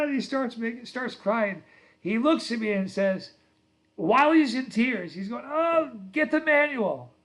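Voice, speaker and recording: A middle-aged man hosting a casual livestream, telling rambling stories and reading viewer comments aloud. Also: high voice. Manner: storytelling, self-correcting. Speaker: livestream host.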